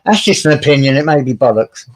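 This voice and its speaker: A man's voice: mid-range voice, expressive, quick pace. A man hosting a livestream, chatting casually and teasing his guests with blokey slang. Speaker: livestream host. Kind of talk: casual chat.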